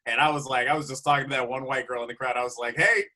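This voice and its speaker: A man, a comedian guest, telling a road story in a casual, animated way with frequent laughs. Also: mid-range voice, very fast.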